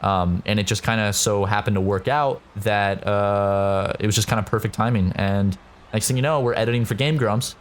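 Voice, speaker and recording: A man's voice: on the low side, fairly even intonation, normal speed. A young man from South Carolina, a podcast guest telling a long story with lots of fillers and swearing. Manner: rambling, profane, lots of fillers. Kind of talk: casual podcast chat.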